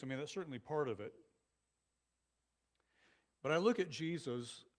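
A male pastor giving a sermon in a conversational, animated style with many asides to the congregation. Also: on the high side.

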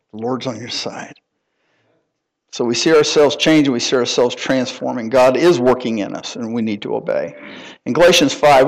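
A middle-aged man giving a conversational sermon, folksy and anecdotal, chuckling at himself as he tells stories. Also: mid-range voice. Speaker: preacher.

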